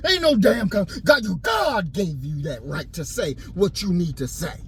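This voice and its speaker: A man delivering an impassioned, preachy rant and story, repeating his points and rising into shouts. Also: high voice, big pitch swings, normal speed, gravelly, few pauses, rough recording. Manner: preachy, repetitive, swings into shouting.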